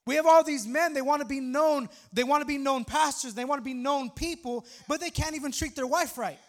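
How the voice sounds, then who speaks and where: Male pastor in his thirties, very high voice, chatty sermon with jokes and bursts of emphasis. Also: a little fast. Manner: conversational, humorous preaching with rising emphatic outbursts.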